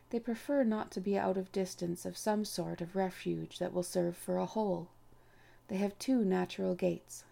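A woman narrating an audiobook in a measured, unhurried way. Her voice is dark and mellow with a gravelly fry underneath. Her pitch sits in an ordinary middle range for a woman. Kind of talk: scripted narration.

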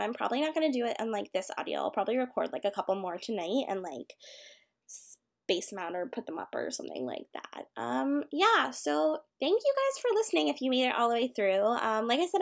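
A woman's voice: fairly high pitch, vocal fry. A young woman at home, casually answering a questionnaire as an amateur audio creator, rambling and hesitant with many filler words. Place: her home.

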